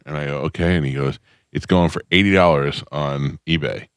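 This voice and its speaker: A man's voice: very deep voice, steady tone, fairly quick, clean tone, no echo, studio quality. A man hosting a casual morning radio show, telling rambling stories and acting out the voices of people he quotes. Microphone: studio microphone.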